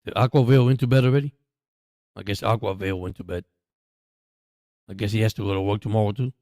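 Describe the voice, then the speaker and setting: A man's voice: fairly low pitch, fast talker, no room sound, clean studio sound. Chatty man calling a game live. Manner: chatty, excitable during plays. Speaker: livestream host. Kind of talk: casual live game commentary.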